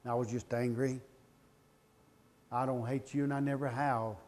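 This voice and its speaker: A middle-aged man giving a speech to a live audience, telling a personal story with passion, swinging between loud pleading and quiet, emotional confession. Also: medium pitch, flat delivery, normal speed. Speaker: motivational speaker.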